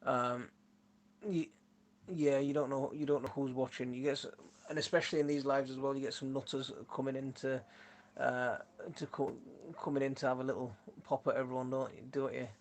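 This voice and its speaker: A man's voice: mid-range voice, level tone, fairly quick. Chatty Yorkshire man, laughing a lot. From Yorkshire, England. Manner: rambling, chatty, laughs often. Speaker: gardening channel host. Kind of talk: casual live-stream chat reading viewer comments. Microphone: phone.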